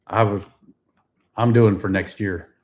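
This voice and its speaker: A man's voice: on the low side, steady tone, unhurried. An older man, co-hosting a casual livestream chat, easygoing and stumbling over words now and then. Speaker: co-host of a livestream.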